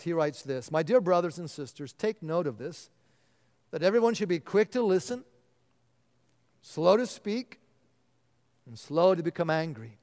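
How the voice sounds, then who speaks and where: A male pastor delivering an earnest sermon, often dropping to a hushed voice to stress a point. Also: a little high. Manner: earnest, drops to a hushed voice for emphasis. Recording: long reverb of a large hall.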